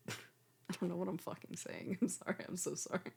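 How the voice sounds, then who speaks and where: A woman's voice: lowish voice, creaky, darkish tone, breathy edge. A young woman streamer chatting casually with her viewers and cooing baby-talk at her cat.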